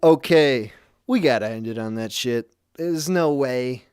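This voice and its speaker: A man's voice: medium pitch, measured pace, darkish tone, smooth, soft background music. Laid-back male stream host. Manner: laid-back, swears casually. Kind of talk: casual livestream chat.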